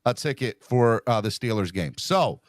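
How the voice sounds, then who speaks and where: An excitable man hosting a casual fan podcast, his voice mid-pitched and recorded dry and close. He stumbles and repeats himself and keeps adding "man" and "bro". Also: normal speed, dry recording. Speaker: podcast host. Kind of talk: casual chat.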